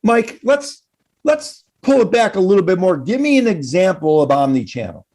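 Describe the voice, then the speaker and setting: Upbeat interviewer guy, kinda high voice, pushing the guest for examples. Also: sing-song, moderate pace, darkish tone. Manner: upbeat, steers the guest with prompting questions. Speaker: interview host. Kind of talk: business interview.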